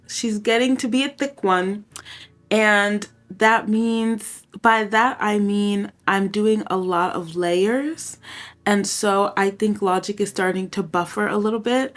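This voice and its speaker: A chatty woman in a home recording setup talks the camera through her process. She rambles freely and peppers her talk with "y'all" and "like." Now and then she sounds a little winded from singing. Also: mid-range voice. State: a little out of breath at times. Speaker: songwriter and home producer. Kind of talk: casual vlog talk to camera.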